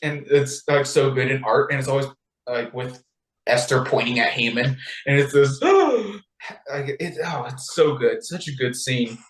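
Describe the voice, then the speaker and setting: Casual male podcast co-host, animated storyteller, mid-pitched, echoey room. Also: normal speed. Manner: animated, acts out characters' lines in high voices. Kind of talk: casual chat retelling a story.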